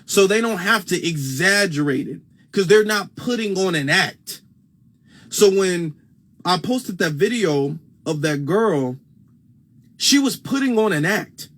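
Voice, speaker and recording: A man's voice: sits high, lively intonation, slow, fairly bright tone. A man with a Midwestern US accent hosting a casual livestream on a phone, emphatic and repeating his points for stress. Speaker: livestream host.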